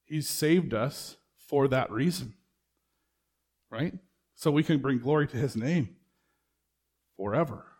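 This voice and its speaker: A man's voice: mid-range voice, takes it slowly, long pauses, darkish tone, husky. A man preaching a sermon in a conversational way, asking the congregation rhetorical questions and acting out bits of dialogue. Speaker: pastor.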